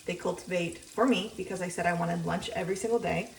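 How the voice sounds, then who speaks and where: A young woman talks casually in her home kitchen while cooking, rambling and filling pauses with ums. Her voice sits on the low side and bounces around a roomy space. She often drifts away from the camera mic while faint sizzling plays behind her. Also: creaky, far from the mic, a little hiss or hum. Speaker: vlogger. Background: frying sizzle.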